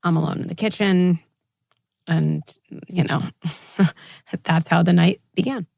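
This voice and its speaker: A woman's voice: on the low side, slow, vocal fry, no echo, clean studio sound. Candid woman psychologist on a podcast. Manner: candid, animated when quoting others. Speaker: psychologist guest. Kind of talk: interview answers.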